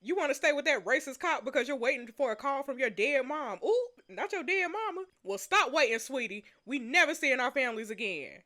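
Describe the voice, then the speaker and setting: A woman's voice: high voice, fairly quick, few pauses. A woman playing through a story game, chatting playfully to her viewers between lines. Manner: animated, playful, talks to viewers. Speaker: game player. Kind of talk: casual game commentary.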